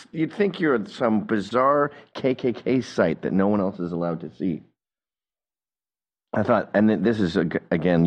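A man hosting a reaction commentary, talking in an animated, mocking, opinionated way. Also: low voice. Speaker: commentator host.

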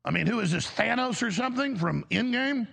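A man's voice: very high-pitched, expressive, brisk, vocal fry, a bit bright, breathy edge. A man hosting a talk show, giving a heated, emphatic political commentary monologue with frequent restarts.

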